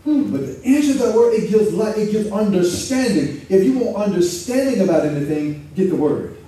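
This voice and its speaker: Pastor, male, high but mellow tone, easygoing preaching, picked up from afar in a roomy church. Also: expressive. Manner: conversational preaching, reads scripture slowly. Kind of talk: sermon. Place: church sanctuary. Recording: echoey room from far off, faint ambience.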